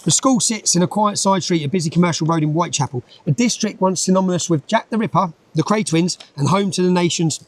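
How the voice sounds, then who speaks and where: A man's voice: sits high, fast talker, few pauses, dry recording, poor audio. A man, a guest in a conversational interview, talking emphatically and repeating his points with tag questions.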